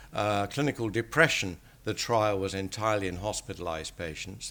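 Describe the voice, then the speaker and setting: An older English man, a statistician, giving an academic lecture in a measured, dryly wry manner. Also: on the low side, fairly bright tone.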